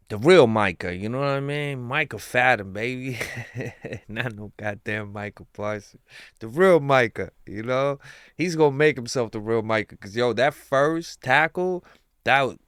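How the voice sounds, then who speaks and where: A man giving casual, excited fan commentary with slang, rambling about his team. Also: fairly low pitch, clean tone, no room sound, clean studio sound. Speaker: sports commentator.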